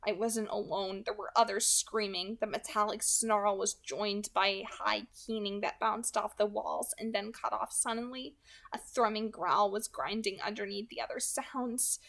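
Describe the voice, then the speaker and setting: A young woman hosting her channel and reading a novel aloud in steady, earnest narration. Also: medium pitch, moderate pace, creaky. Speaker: audiobook reader.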